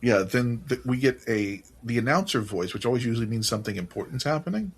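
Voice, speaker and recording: A man's voice: medium pitch, expressive, quick pace. A man co-hosting a casual podcast, emphatic and wry, swearing freely. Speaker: podcast co-host. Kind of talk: casual chat.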